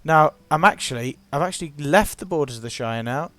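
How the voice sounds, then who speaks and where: A man's voice: a little high, expressive, a little fast, a bit bright. A man giving casual, playful, self-mocking commentary while narrating his gameplay.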